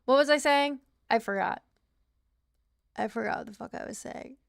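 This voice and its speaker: A woman's voice: on the high side, normal speed, gravelly, no room sound, clean studio sound. A tired young woman chatting casually to her livestream chat, laughing often and swearing freely.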